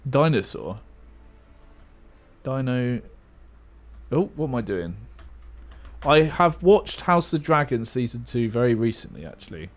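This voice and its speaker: Playful young male streamer, lively pitch. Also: a little slow, long pauses. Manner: playful, self-mocking, muttering guesses aloud. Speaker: livestream host. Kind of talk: casual livestream chat while playing a word game.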